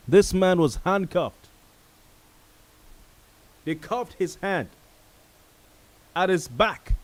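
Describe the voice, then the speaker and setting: A man hosting a talk show, speaking gravely to viewers and repeating phrases for emphasis. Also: high voice, darkish tone, dry recording, poor audio. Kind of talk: solemn talk show monologue.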